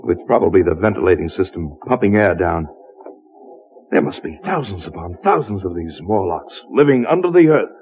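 Calm in-charge time traveler, lowish voice, steady and firm, muffled old radio sound with a bit of hiss. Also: male voice, normal speed. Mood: guiding, calm. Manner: steady, commanding, explains things firmly. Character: resolute male time traveler, calm leader. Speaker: lead character in a radio play. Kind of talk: 1950s radio drama acting. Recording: dull old radio broadcast with faint hiss.

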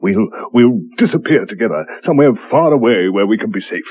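A doting, lovesick old gentleman in a radio play, stammering and fervent. His lively, husky voice comes through a dull lo-fi recording. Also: fairly low pitch, brisk, no room sound. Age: older. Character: lovesick older gentleman, pleading, smitten.

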